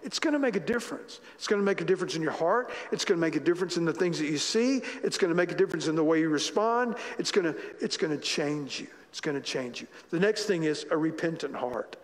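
Male pastor, sermon, higher voice, repeats for emphasis, echoing sanctuary. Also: lively intonation, fast talker, few pauses. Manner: conversational, repeats phrases for emphasis. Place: church sanctuary.

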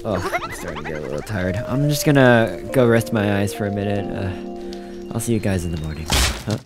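A man voicing his own cartoon character in excitable, quick reactions, full of surprised outbursts, over background music. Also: on the low side. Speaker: host and animator of a game cartoon. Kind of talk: animated cartoon voice acting.

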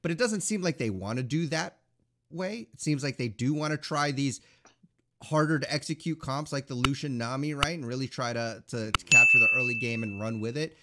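A man's voice: medium pitch, brisk, bright, forceful tone, a little hiss or hum. A man co-hosting a podcast in casual chat, rambling with lots of filler words. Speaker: podcast co-host.

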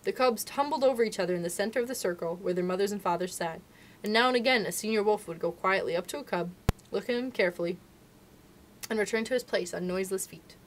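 A woman's voice: mid-range voice, fast talker, a little hiss or hum, low-quality recording. A woman at a library reading a classic animal story aloud, narrating evenly between the voiced quotes.

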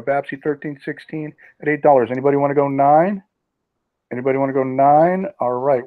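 A man's voice: mid-range voice, dry recording. A man hosting a live online auction, calling bids and greeting chat viewers by name. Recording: tinny phone-like sound, dry.

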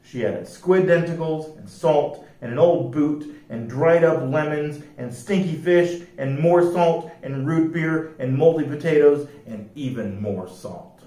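A man reading picture books aloud as library storyteller, with a slow, lively rhyming delivery. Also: on the high side. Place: library room. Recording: echoey room, distant mic.

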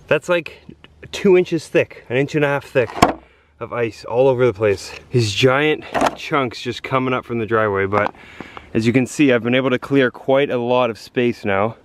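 A young man with a mid-range voice vlogs casually to a handheld camera, outdoors in the snow and at home, against a noisy background. He's chatty and at times out of breath from shoveling.

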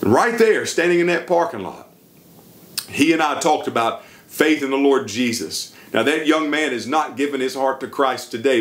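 A man with a Southern US accent, preaching a sermon and earnestly retelling a conversation. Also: mid-range voice. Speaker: pastor. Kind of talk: sermon storytelling.

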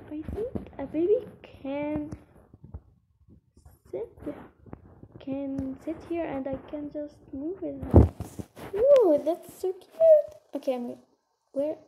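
A woman giving giggly, excitable casual gameplay commentary, often muttering softly to herself as she searches. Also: high voice, slow pace, creaky, long pauses, noisy background. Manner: excitable, gushing. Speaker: gaming channel host.

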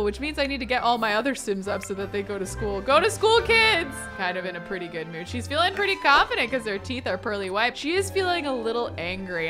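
Young woman, high voice, chatty, bubbly, faint music underneath. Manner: bubbly, chatty, quick to gush and laugh. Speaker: gaming YouTuber. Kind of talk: Sims gameplay commentary.

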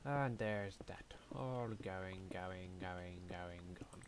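Young man, low voice, casual gaming commentary, mutters and hums to himself, faint keyboard clicks. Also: slow, hardly any pauses, slight background noise. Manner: chatty, talks to himself, hums and mutters while playing. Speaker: gaming YouTuber. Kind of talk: casual let's-play commentary.

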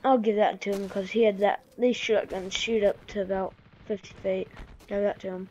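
A woman giving casual gameplay commentary, grumbling and reacting excitably to the game. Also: mid-range voice, moderate pace, slight background noise. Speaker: gamer. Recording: dull lo-fi recording.

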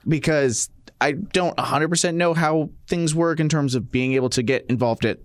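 A man's voice: on the high side, moderate pace, no room sound, studio quality. A man co-hosting a faith talk show, giving thoughtful points with many filler words. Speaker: co-host.

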